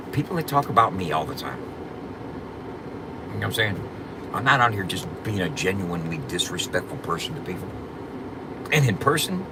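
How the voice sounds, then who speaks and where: A man's voice: fairly low pitch, noisy background. A man hosting a casual livestream, joking and bragging to his chat in a loose, profane drawl, often repeating "you know what I'm saying". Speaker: livestream host.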